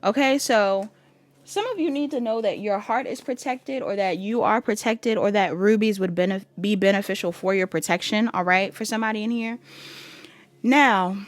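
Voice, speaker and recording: A chatty woman tarot reader speaking in a middle-pitched voice and addressing viewers directly as she reads. She often breaks off laughing at herself. The sound is dry and close, with no room echo. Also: moderate pace. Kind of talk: casual pick-a-card reading.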